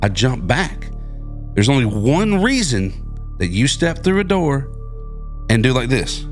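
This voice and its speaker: A man's voice: medium pitch, measured pace, faint music behind. A man co-hosting a podcast in casual chat, telling stories and acting out the lines of the people in them. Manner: animated storyteller, acts out quotes. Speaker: podcast co-host.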